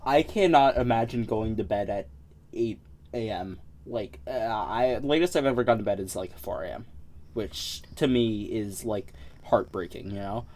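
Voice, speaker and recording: A man's voice: on the low side, normal speed, darkish tone. A young man co-hosting a podcast, chatting in a laid-back, joking way with hesitant restarts. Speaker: podcast co-host. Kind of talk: casual podcast chat.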